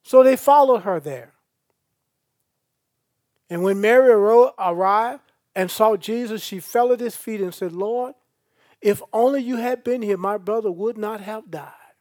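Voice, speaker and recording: A man's voice: high-pitched, a little slow, pauses often, darkish tone, dry recording, clean studio sound. A male pastor, preaching a sermon and reading scripture aloud with asides to the congregation.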